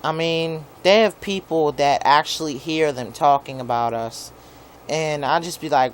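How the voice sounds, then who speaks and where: A man's voice: a little high, unhurried, a little hiss or hum. A young man in a profane, rambling rant about his neighbors, peppered with "like". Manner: profane, rambling, heavy use of "like". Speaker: vlogger. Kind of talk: rambling angry rant to camera.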